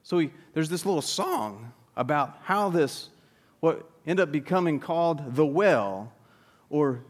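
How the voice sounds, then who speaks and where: A man preaching a sermon, animated, with asides to the congregation and sudden rises and drops for emphasis. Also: on the high side. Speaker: pastor.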